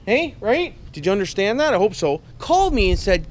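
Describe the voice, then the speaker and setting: Canadian man, vlogger, folksy and jokey, lively up-and-down voice, a bit high. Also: moderate pace, few pauses, a little hiss or hum. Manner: jokey, folksy, tags lines with "eh" and "why wouldn't I". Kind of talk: casual chat to camera.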